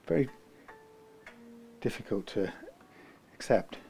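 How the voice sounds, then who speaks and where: Mellow man rambling aloud while working. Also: lowish voice, expressive, slow, creaky, faint music behind. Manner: rambling, thinking aloud, trails into quiet muttering. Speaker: guitar technician. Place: guitar workshop.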